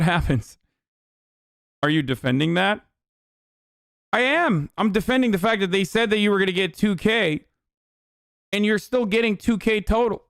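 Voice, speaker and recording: A man's voice: sits high, vocal fry, a bit bright, no room sound, studio quality. A young man streaming political commentary, ranting bluntly with a lot of swearing and exasperation. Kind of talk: casual livestream commentary.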